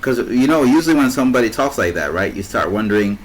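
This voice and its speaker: A man's voice: mid-range voice, lively intonation, fast talker, few pauses, slight background noise, rough recording. A man hosting a casual voice chat, rambling anecdotes with frequent laughter. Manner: rambling, laughs often, restarts. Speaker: host.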